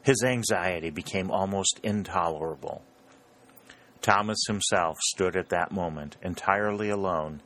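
A man narrating an audiobook in a very low, deep voice. He keeps an even, measured storytelling pace through the scene. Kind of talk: scripted narration.

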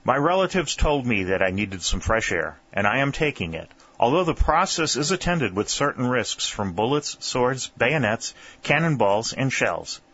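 A man's voice: medium pitch, sing-song, normal speed, hardly any pauses, fairly bright tone, breathy edge, muffled recording. A man voicing a bookish young schoolteacher turned soldier who speaks in precise, formal, pedantic phrases. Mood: precise, proud.

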